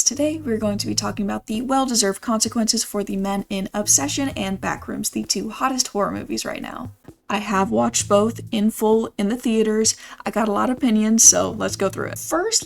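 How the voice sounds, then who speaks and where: A woman's voice: mid-range voice, normal speed, vocal fry. A young woman giving casual, blunt opinion commentary in a slangy, opinionated manner. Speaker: movie commentary YouTuber.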